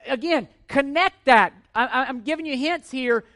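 High-pitched guy preaching, earnest, keeps repeating the point, asks the room questions. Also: moderate pace, bright, forceful tone. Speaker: pastor. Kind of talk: teaching sermon.

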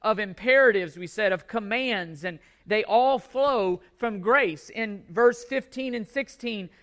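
A man's voice: high voice, measured pace, fairly bright tone. A male pastor delivering a sermon to his congregation in a church, emphatic and repeating key words for stress.

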